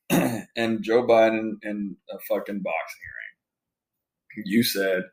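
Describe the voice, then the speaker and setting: A man's voice: on the low side, steady tone, takes it slowly, roomy sound, rough recording. A Texan man co-hosting a podcast, joking crudely with lots of swearing. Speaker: podcast co-host. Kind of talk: casual banter.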